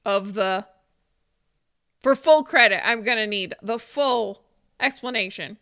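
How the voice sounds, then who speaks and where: A woman's voice: mid-range voice, unhurried, fairly bright tone, no room sound, studio quality. A woman in casual chat, playfully quizzing a friend and laughing often. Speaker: quiz host.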